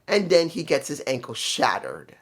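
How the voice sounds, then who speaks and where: A man's voice: medium pitch, huge pitch swings, normal speed, fairly bright tone, breathy edge. A man giving a casual solo review of a wrestling show, opinionated and thinking aloud with fillers and restarts.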